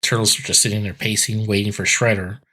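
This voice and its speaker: A man's voice: on the low side, level tone, quick pace, pushed and bright. A man co-hosting a podcast, casually recapping a cartoon episode in a rambling, filler-heavy way. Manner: rambling, filler-heavy retelling with acted quotes. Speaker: podcast co-host.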